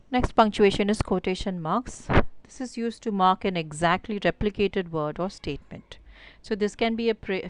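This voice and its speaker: A woman's voice: mid-range voice, slight background noise. A woman with an Indian English accent teaching an online grammar lesson, explaining step by step with many fillers like "so" and "uh".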